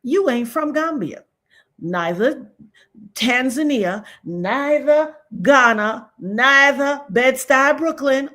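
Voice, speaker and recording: A woman giving a sassy, emphatic commentary rant straight to her viewers, preaching at them. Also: on the high side. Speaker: social media commentator.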